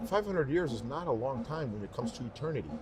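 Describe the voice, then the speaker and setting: A man who is a professional singer, guest on an interview show, telling stories in an animated, emphatic, rambling way. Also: medium pitch, fast, a loud crowd. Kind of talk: casual interview talk.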